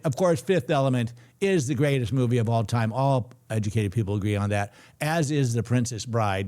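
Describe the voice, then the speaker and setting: A middle-aged man talks through a live trading stream in a chatty, joking way, reading viewer comments aloud as he goes. His voice sits at an ordinary pitch for a man. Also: darkish tone. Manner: chatty, jokey, reads chat aloud. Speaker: trading show host. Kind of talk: casual live-stream chat.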